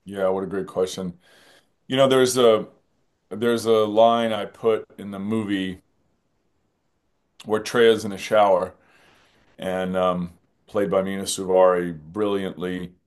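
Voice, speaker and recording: Earnest, musing man with a low voice. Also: fairly even intonation, takes it slowly, long pauses, darkish tone. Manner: earnest, musing, often repeats phrases and restarts. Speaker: film director, interview guest. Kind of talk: reflective interview conversation.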